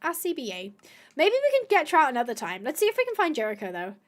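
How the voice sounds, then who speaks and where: Woman, high voice, gaming host, chatty, excitable, thinks aloud, talks to viewers. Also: fast talker, noisy background. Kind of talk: casual gameplay commentary to viewers.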